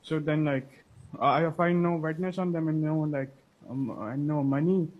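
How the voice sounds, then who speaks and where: A man's voice: fairly high pitch, steady tone, narrow, tinny audio. Hesitant male caller asking a question. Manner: hesitant, halting.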